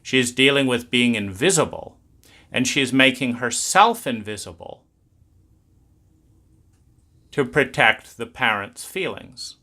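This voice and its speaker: A man's voice: medium pitch, lively intonation, a little slow, pushed and bright. A man explaining trauma in a blunt, emphatic talk, swearing freely. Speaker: trauma educator.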